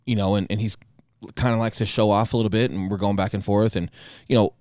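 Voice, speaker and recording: A man in his thirties talks fast and bluntly on a podcast, swearing freely and acting out the people in his story. His voice is dry and close, with no room sound around it. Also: fairly low pitch, steady tone, darkish tone, no room sound. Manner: blunt, profane storytelling with reenacted dialogue. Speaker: podcast co-host. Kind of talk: casual chat.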